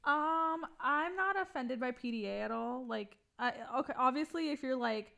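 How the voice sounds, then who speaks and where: A woman's voice: high-pitched, moderate pace, gravelly, sharp tone, clear, resonant tone. A young woman in casual chat, blunt and opinionated, swearing casually.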